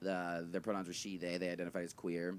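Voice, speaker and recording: A young man doing a stand-up comedy set, with a high, thin voice, rambling and self-deprecating, full of fillers. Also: completely flat delivery, fast talker, slight background noise. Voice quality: high, thin voice he calls dumb. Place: comedy venue with live audience.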